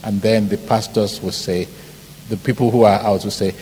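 A middle-aged Nigerian man from Ibadan with a Nigerian accent, a pastor preaching an animated sermon full of stories, mimicked shouts and laughter. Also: lowish voice, normal speed. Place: large church hall. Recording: hall reverb, faint background noise.

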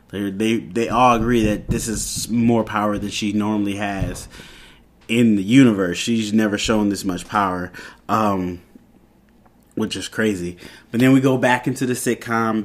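A man recapping a TV episode in a loose, rambling way, full of fillers and restarts. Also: mid-range voice. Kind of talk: casual spoken recap.

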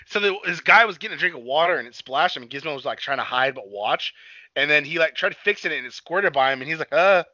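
Man, casual movie chat, lively pitch, high voice, dry close sound. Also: quick pace, no room sound, lo-fi sound. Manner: animated, swearing, acts out quotes. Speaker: podcast co-host.

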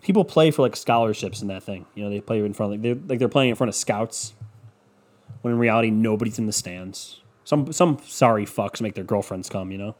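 A man's voice: lowish voice, brisk. A young man hosting a solo podcast at home, rambling and swearing in a sarcastic, scatterbrained way. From Cleveland. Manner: scatterbrained, profane, sarcastic ranting. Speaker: podcast host. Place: home room with windows open.

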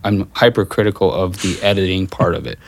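A man with a New York accent chatting casually as a podcast guest, blunt and quick to swear, rattling off short lists. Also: low voice, creaky. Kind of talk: casual chat.

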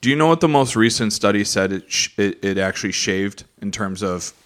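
Calm, lower-voiced podcast man. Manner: calm, measured, explanatory. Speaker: podcast co-host. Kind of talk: casual podcast discussion.

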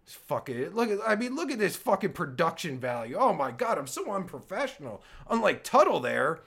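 Stammering, sarcastic high-voiced man ranting. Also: sing-song, normal speed, gravelly, a bit bright. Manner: sarcastic, stammering, swears constantly. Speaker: podcast host reacting to a clip. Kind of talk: angry profane reaction commentary.

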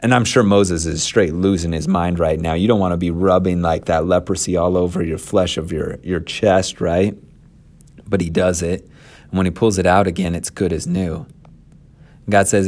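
A man's voice: sits low, fairly even intonation, normal speed, darkish tone. A man retelling a scripture story in a casual, conversational way and adding his own commentary. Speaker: scripture teacher.

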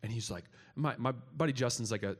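A man's voice: mid-range voice, fast talker. A young man, telling a story to an audience and acting out the quotes. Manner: animated, acts out quotes, laughs often. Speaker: speaker at a young adults gathering.

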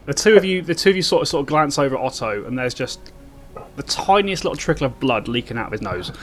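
British male GM, narrating, halting and descriptive, mid-pitched. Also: expressive, a bit bright, soft background music. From Britain. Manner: halting, descriptive, lots of restarts. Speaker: game master. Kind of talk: narrating a tabletop game.

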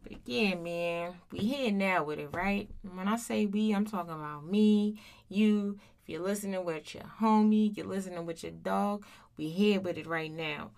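A woman's voice: medium pitch, moderate pace, gravelly, darkish tone. Woman in her thirties, podcast host, casual solo monologue, blunt, slangy, swears freely. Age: 30s. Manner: blunt, profane and slangy, tags lines with "right?".

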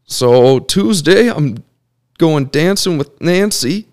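A man playing a chirpy old ladies' man, high and lilting. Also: expressive, slow pace. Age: 70s. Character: old playboy great uncle, chirpy and drawling.

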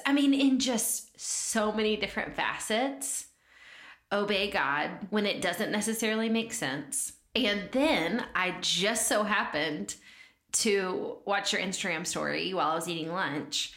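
A woman's voice: medium pitch, measured pace, fairly bright tone, roomy sound. A woman hosting a faith podcast, talking in an effusive, emotional way and laughing often. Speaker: podcast host. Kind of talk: casual faith podcast chat.

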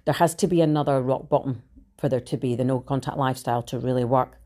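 A Scottish woman with a Glasgow accent, telling her own story in a blunt, animated monologue full of swearing. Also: extremely low pitch, fast talker. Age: adult with three children. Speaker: speaker sharing her recovery story.

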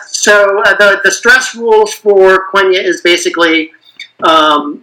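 A man with a bright, forceful voice pitched a little high walks through his explanation step by step. He is patient and thorough, and he often pauses on "uh" while he thinks. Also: low-quality recording. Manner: patient, detailed explanations with frequent fillers. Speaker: guest expert on invented languages. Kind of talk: explanatory podcast chat.

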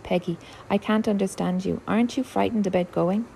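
A woman voicing a tearful young woman who is the heroine's older sister, speaking softly and pleadingly. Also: mid-range voice, fairly quick, gravelly, a little hiss or hum, lightly acted, poor audio. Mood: tender.

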